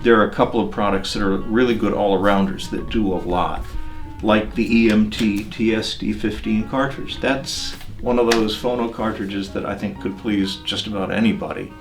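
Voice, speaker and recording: An older man talking about records and turntables in a relaxed, digressive interview, with many pauses and fillers. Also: on the low side, faint music behind. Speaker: audio magazine editor.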